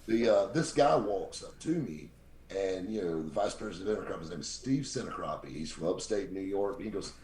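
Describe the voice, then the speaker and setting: A man with a very deep voice, telling lively stories as a podcast guest and acting out the people he quotes. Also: fairly quick. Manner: animated anecdote-teller, acts out quoted people. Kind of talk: casual storytelling. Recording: roomy echo.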